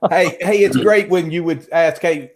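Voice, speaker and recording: A man from Arkansas hosts a relaxed interview, with a somewhat high voice. He jokes easily and asks long, two-part questions. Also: normal speed. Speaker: show host. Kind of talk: casual interview chat.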